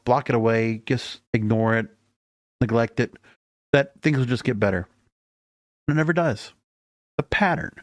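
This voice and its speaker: A man's voice: medium pitch, no room sound, clean studio sound. A man hosting a podcast, commenting on an interview clip in a reflective way and circling back to repeated points. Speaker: podcast host.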